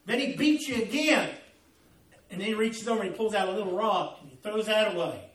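A male pastor giving an animated, storytelling sermon in a church. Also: sits high, a little fast, echoey room, distant mic, low-quality recording.

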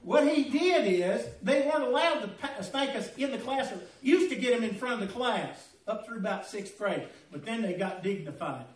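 A middle-aged pastor with a Southern American accent shares a personal story in his sermon, folksy and laughing as he goes. His voice is very high and animated, at normal speed with few pauses, and the recording is echoey and distant.

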